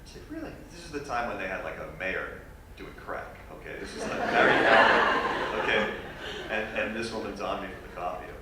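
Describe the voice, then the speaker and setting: A man telling a funny personal story as a guest speaker at a university lecture, animated and self-deprecating. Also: fairly low pitch, fairly quick, very noisy. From New York. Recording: echoey hall recorded from far off.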